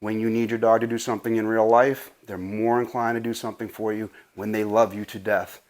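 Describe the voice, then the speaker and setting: A man's voice: lowish voice, little pitch movement, fairly quick, a little mellow. A man, a dog trainer, giving casual instructions in his garage, loose and a bit profane, out of breath from play. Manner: loose, profane, says "right?" a lot. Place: home garage.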